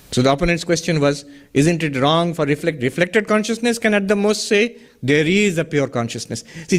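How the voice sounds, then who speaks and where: Lively man explaining philosophy. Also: on the high side. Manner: explains step by step with rhetorical questions and Sanskrit terms; chuckles at his own wordplay. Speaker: teacher of a Vedanta study session. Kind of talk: philosophy lecture.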